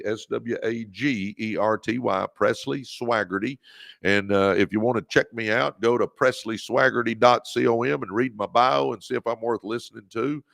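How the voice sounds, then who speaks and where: A motivational speaker from Texas, United States, hosts a livestream where he preaches, repeats phrases, calls listeners "baby" and says hello to viewers by name. His mid-range voice is creaky with a fairly bright tone, captured in clean studio sound without echo.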